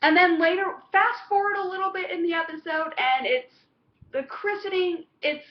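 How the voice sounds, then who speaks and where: A woman with a high voice chats her way through an episode review, looping back with fillers and half-finished restarts. The recording is dull and lo-fi. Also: moderate pace. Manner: rambling, with many fillers and restarts. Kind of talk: casual chat.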